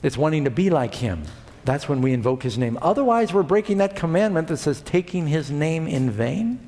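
A middle-aged man preaching from the pulpit, his fairly high voice rising and falling with lively emphasis. He keeps tossing rhetorical questions to the congregation. The sound rings out with a long reverb through the church sanctuary. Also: moderate pace. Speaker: pastor. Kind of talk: sermon.

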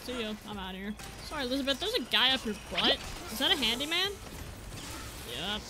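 Playing a video game, a woman jokes and chats at the on-screen characters in casual let's-play commentary. She speaks briskly in a fairly high, very animated voice, with game music behind her.

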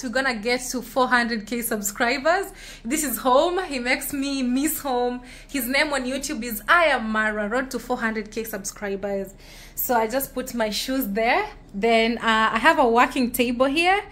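A woman with a notably high voice, talking straight to her camera as she walks through a rented room. She gushes, thanks people again and again and narrates in a bright, effusive vlog style. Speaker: travel vlogger. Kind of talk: excited vlog talk to camera.

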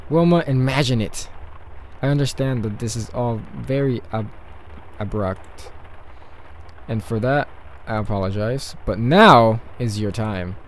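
A man voicing a formal male patron in a game, reading his letter in a low, stiff tone. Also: measured pace, slight background noise, lightly acted, low-quality recording. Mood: grand.

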